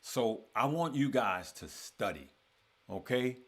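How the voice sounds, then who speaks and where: Slow, emphatic man coaching investors. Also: medium pitch, expressive, a bit bright. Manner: emphatic, repeats phrases for stress. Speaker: trading course host. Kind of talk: casual talk to members.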